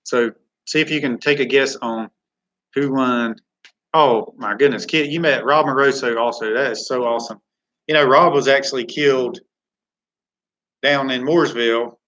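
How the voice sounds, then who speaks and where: A man's voice: medium pitch, moderate pace, pauses often, fairly bright tone, dull audio. A man hosting a live chat Q&A from a studio, rambling and reading viewer comments aloud. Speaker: live stream host.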